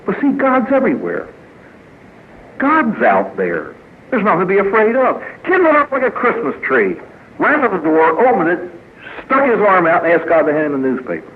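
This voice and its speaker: A man's voice: fairly high pitch, wildly swooping pitch, normal speed, phone-quality sound, a little hiss or hum. A man who is a priest, speaking at a recovery meeting in a folksy storytelling manner with jokes and acted quotes. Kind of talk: speaker meeting talk with humor. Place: meeting hall before a live audience.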